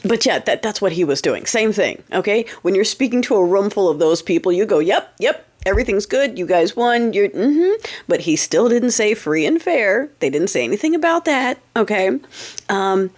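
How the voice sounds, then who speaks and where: A woman's voice: medium pitch, animated, normal speed. A woman from the United States hosting her own political commentary vlog, casual and sarcastic, swearing freely and often checking in with "okay?".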